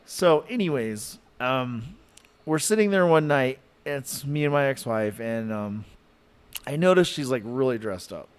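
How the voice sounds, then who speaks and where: A man telling a podcast story in an animated, rambling way, full of fillers and likes. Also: mid-range voice, unhurried, clear, resonant tone. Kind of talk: casual storytelling.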